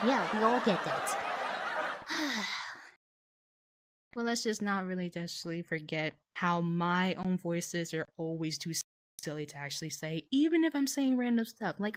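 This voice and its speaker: A woman's voice: medium pitch, normal speed, a little hiss or hum. A young adult woman rambling through a comedic monologue, full of fillers, mock exasperation and casual swearing. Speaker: comedy skit performer. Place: online virtual world session.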